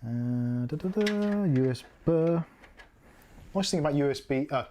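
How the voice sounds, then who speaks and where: A British man streams a live PC build, narrating casually, thinking aloud as he works and poking fun at himself. His voice is a little high and dark-toned, with lively intonation and an unhurried pace, plus a slight hiss or hum.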